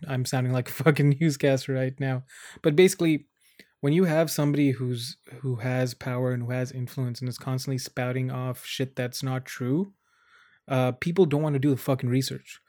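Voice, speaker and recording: A man's voice: medium pitch, fairly even intonation, moderate pace, warm tone, no room sound, studio quality. A young man giving blunt, angry commentary to camera, swearing often. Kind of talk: casual vlog commentary.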